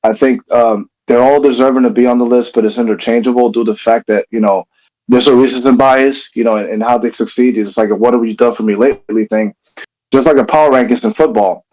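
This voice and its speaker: A man speaking on a podcast panel, hesitant and filling pauses with ums. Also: mid-range voice, steady tone, a little mellow, dull audio. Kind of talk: casual panel podcast chat.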